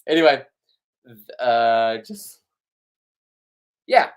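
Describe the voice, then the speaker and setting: A man's voice: medium pitch, sing-song, extremely slow, smooth. A middle-aged man, ranting bluntly to his viewers in a rambling, riled-up monologue full of restarts. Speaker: vlogger. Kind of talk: ranting casual monologue to camera.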